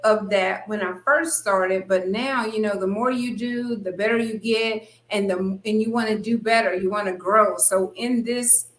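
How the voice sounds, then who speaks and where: A woman's voice: mid-range voice, unhurried, hardly any pauses, roomy sound, rough recording. A woman hosting a casual live stream, chatting and reading viewer comments aloud. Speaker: host.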